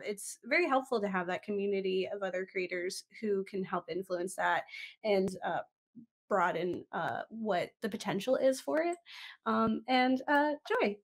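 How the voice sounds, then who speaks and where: A woman's voice: mid-range voice, moderate pace. A woman moderating a panel chat, agreeing and laughing along before passing the floor.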